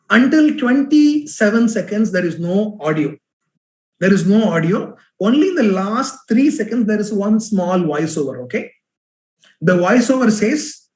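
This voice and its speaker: A man, a business storytelling trainer giving an online workshop talk, animated and repeating words for emphasis. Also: high voice. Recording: echoey room.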